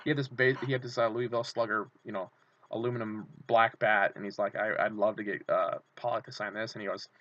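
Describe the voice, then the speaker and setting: A young man vlogging, rambling through an excited story and acting out his own shouts. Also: fairly low pitch, quick pace, a little hiss or hum. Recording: dull lo-fi camera audio.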